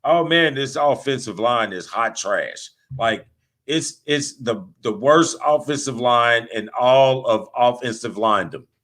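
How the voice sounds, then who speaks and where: A man's voice: mid-range voice, lively intonation, a little slow, fairly bright tone. A man hosting a sports podcast, reading sponsor plugs and talking football in a loose, joking, trash-talking way. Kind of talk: casual sports talk with sponsor reads.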